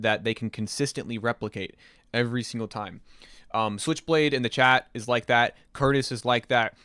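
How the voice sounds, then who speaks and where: A young man streaming live, reacting to listener-submitted songs and chatting with his viewers in a casual, excitable way that includes swearing. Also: mid-range voice, smooth, no echo, studio quality. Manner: enthusiastic, chatty, swears casually, reads chat aloud. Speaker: streamer reviewing submitted music.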